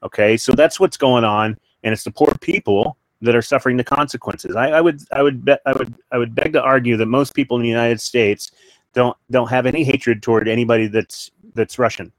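A man talking politics as a podcast guest, his voice at an ordinary middle pitch. He stumbles and restarts often, then presses his points with blunt repetition. The sound is dry and close. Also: steady tone, dry recording, low-quality recording. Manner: halting, many restarts and fillers; emphatic, repeats points. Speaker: interview guest. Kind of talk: casual political talk.

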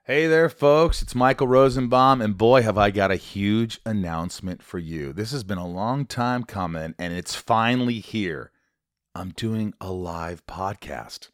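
Male podcast host, very deep voice, dry close studio sound, animated storyteller. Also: measured pace, dry recording. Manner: animated storyteller, acts out quotes. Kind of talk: casual interview chat.

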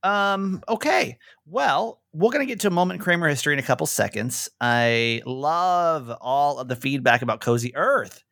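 A man with a gravelly, creaky voice co-hosts a casual podcast. He rambles, restarts his sentences and laughs easily. The sound is dry and close to the mic. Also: fairly high pitch, expressive, moderate pace, hardly any pauses, a bit bright, dry recording. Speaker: podcast co-host.

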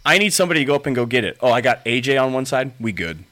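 A man's voice: medium pitch, sing-song, very fast, sharp tone. A man in casual sports podcast banter, joking with his co-hosts. His voice sits in an ordinary middle register. He reads messages aloud with theatrical timing. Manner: playful, teasing, reads texts aloud dramatically. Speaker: podcast co-host.

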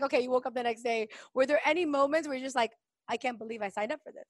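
A woman hosts a podcast interview with a high-pitched voice. She reacts enthusiastically to her guest and asks quick follow-ups. Her recording is dry, with no room sound around it. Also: no echo. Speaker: podcast host. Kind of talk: casual interview chat.

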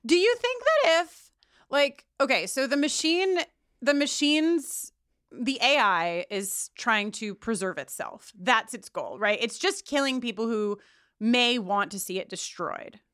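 Smooth-voiced woman podcast co-host. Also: fairly high pitch, unhurried, dry recording, studio quality. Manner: animated and rambling, lots of restarts. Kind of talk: casual chat recapping a TV episode.

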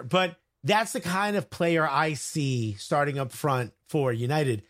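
A man co-hosting a casual sports talk show, joking and giving quick opinions. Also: on the high side, expressive, a bit bright. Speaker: co-host.

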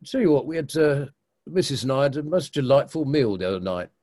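A man voicing a chatty, forgetful old gentleman in a joke, genteel and rambling. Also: mid-range voice, lively intonation, brisk, pitched above the performer's own voice, natural voice. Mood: enthusiastic.

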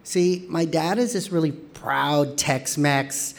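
A man telling a personal story on stage, expressive and playful with self-mocking humor. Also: on the high side, takes it slowly, gravelly.

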